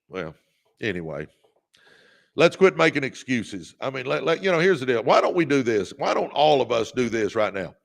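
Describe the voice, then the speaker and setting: Gravelly revved-up motivational man. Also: mid-range voice, sing-song, moderate pace, long pauses. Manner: revved-up preacher-like exhortation, calls out viewers by name. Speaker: podcast host. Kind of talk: motivational livestream talk.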